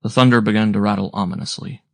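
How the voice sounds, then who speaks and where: A man narrating a classic sea story aloud in a measured, descriptive storytelling manner. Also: on the low side, steady tone, gravelly, dry recording, studio quality. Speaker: audiobook narrator.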